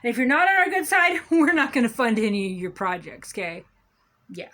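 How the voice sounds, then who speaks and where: With a voice on the high side, brisk, pushed, and bright, and full of big pitch swings, a woman portrays a condescending male city councilman. He smugly lectures on grammar in a satirical comedy monologue, repeating "okay?" over and over.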